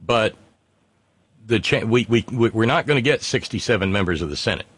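Stammering man with a lively voice. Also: lowish voice, breathy edge, no room sound. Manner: stammering, measured storyteller. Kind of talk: political discussion.

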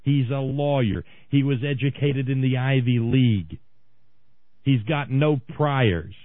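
A man on a talk radio show, tearing into a political rant that swings from low, biting asides to shouted outbursts. His voice comes through thin and phone-like, with no room around it. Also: measured pace, dry recording. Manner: ranting, shouting in bursts, sarcastic. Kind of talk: impassioned political monologue. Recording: tinny phone-like radio sound, dry.

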